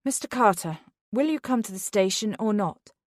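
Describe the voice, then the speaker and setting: A woman voicing a brisk female police detective, formal and clipped. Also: medium pitch, animated, no room sound, clean studio sound, natural voice.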